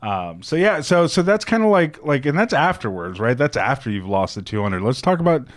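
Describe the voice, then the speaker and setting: A man's voice: mid-range voice, big pitch swings, a little fast, dry recording, studio quality. A man co-hosting a podcast in casual chat, explaining things with frequent ums and uhs. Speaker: podcast co-host.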